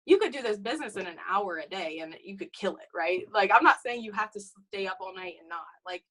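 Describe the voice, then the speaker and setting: A young woman giving an energetic motivational talk to her sales team, calling out "you guys" and "okay?" all the time. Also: medium pitch, brisk, low-quality recording. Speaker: network marketing team leader.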